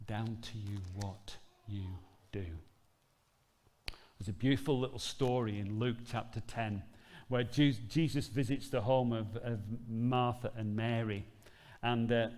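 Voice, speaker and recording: A man's voice: on the low side, a little mellow, big-room sound. A man preaching a sermon in an earnest, conversational storytelling manner. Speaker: pastor.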